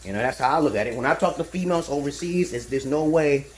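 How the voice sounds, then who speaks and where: A man's voice: on the high side, fast, slight background noise. A man from Brooklyn, ranting profanely and emphatically in an unscripted monologue as a self-styled dating advisor. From Brooklyn, New York.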